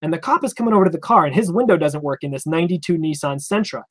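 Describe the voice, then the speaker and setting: Fast-talking young man telling stories. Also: a little high. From Vermont. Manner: rambling, animated, acts out quoted cops. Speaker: interview guest. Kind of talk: casual storytelling.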